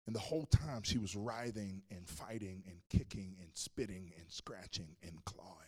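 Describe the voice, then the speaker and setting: A male pastor preaching a sermon, telling a story with animated swings between loud and hushed. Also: low-pitched, moderate pace, breathy edge.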